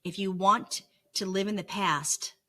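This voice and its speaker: A woman's voice: medium pitch, unhurried, sharp tone. A middle-aged woman talking earnestly in a vlog, coaching with repeated phrases and frequent "right?" asides. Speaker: vlogger sharing her recovery lessons. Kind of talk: reflective, teaching vlog talk.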